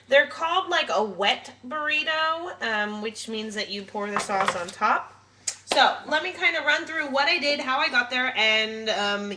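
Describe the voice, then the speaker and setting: Woman, young, high bright voice, chatty and giggly, home kitchen, slightly distant mic. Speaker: home cook host. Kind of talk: casual recipe demo.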